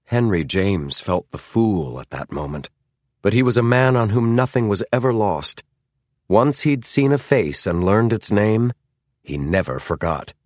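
A man narrating a novel as an audiobook in a measured, dramatic storytelling manner. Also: fairly low pitch, animated, no echo, studio quality. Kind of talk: scripted narration.

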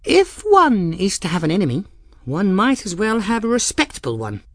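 A bright, earnest young apprentice girl with a dotty, whimsical way of speaking, pitched well up, as a male narrator puts her on. Her voice jumps high and lively, recorded dry and close. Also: moderate pace, no echo, full character voice.

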